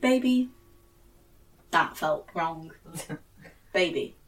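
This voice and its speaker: A woman's voice: mid-range voice, lively intonation, normal speed, recorded from a distance, background noise. A woman voice actor chatting between takes, giggly and self-mocking. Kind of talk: casual blooper chat between takes.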